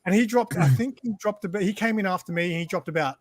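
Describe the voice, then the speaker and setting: A man's voice: sits high, quick pace, dry recording. A man telling rambling, profane stories in a casual group chat, laughing at himself. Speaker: regular in a group hang-out.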